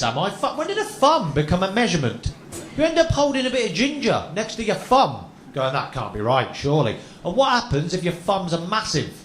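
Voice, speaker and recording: A young man doing a stand-up routine as a chat show guest, chatty and self-mocking, throwing tag questions at the crowd. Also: sits high. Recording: echoey live venue with faint noise.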